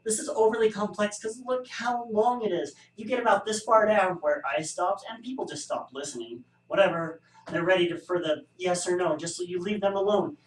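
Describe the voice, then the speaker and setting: Wry male statistics lecturer, echoey room. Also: high-pitched. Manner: wry, joking asides. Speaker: statistics instructor. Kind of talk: recorded classroom lecture. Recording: echoey room, distant mic.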